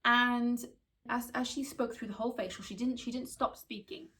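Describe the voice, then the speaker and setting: A woman from Wales, a skin therapist telling candid stories in a podcast chat, animated and full of restarts. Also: a little high, moderate pace. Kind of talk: casual storytelling in a podcast chat.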